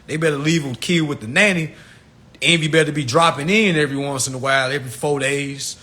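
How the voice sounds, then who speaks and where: A livestream host rants casually at a brisk pace, slangy and animated. His voice swings from low mutters to shouts, and he laughs at his own jokes.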